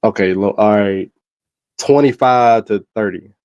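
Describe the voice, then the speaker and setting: A man's voice: lowish voice, a little slow, clear, resonant tone, no room sound, dull audio. Laid-back man answering quiz questions. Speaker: podcast guest taking a quiz. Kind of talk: casual group chat on a video call.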